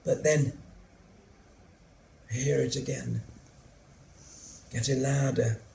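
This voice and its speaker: A lonely, anxious middle-aged son, telling his story in a slow, dry, gravelly voice. The sound is roomy, as on a theatre stage, with a faint hum behind it. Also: mid-range voice, fairly even intonation, darkish tone. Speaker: stage actor in a monologue. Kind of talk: theatrical monologue narration.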